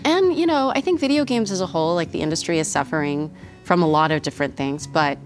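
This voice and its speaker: A woman from Texas talks in a relaxed, laughing way as a guest over a meal. Her voice sits a little low for a woman. Soft guitar music plays faintly underneath. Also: quick pace. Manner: chatty and animated, laughs often. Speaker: guest, voice actress. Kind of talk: casual interview over a meal. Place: studio kitchen.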